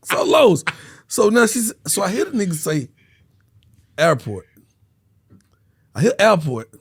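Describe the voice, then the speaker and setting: A man's voice: sits high, fairly quick, husky. A man, a podcast guest telling a story in casual slang and acting out every voice. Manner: animated, slangy, acts out every voice.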